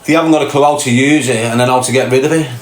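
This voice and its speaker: A man's voice: medium pitch, steady tone, racing, reverberant. A man hosting a casual livestream, answering chat comments with brash, sweary, mocking banter.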